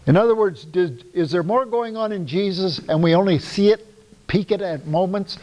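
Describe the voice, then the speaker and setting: A man's voice: sits high, normal speed, a little mellow, long reverb tail, low-quality recording. A man preaching a sermon in a conversational, emphatic way, often asking the listeners rhetorical questions.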